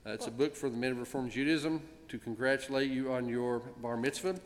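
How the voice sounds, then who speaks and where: Man, congregation president, mid-pitch, gently joking ceremonial speech, reverberant sanctuary. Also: fairly even intonation, slight background noise. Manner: warm, gently joking, with frequent pauses. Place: synagogue sanctuary. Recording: long reverb in a large sanctuary.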